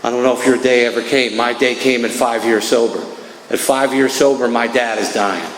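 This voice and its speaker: Speaking at normal speed with a medium pitch and steady tone, this middle-aged man from New Jersey shares his story at a recovery meeting. His testimony is conversational, dotted with "man" and "right," recorded in a reverberant hall with a little background noise.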